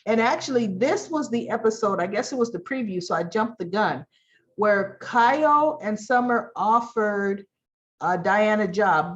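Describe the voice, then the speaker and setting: A woman's voice: medium pitch, muffled recording. A woman giving a casual, chatty recap of a soap opera episode, retelling the scenes by acting out the characters' lines.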